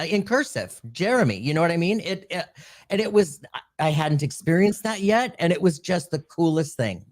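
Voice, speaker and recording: A man's voice: a little high, a little mellow. Earnest reflective male host. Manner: earnest, reflective, searches for words. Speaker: host, medium. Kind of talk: casual spiritual conversation.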